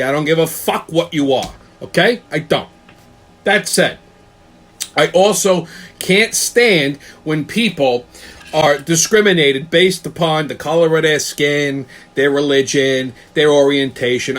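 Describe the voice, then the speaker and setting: A man in a furious, profanity-laden rant, punching each point with a challenging "okay?". His voice sits high for a man and comes across bright and sharp. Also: moderate pace. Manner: angry, swearing constantly, repeating "okay?". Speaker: show host.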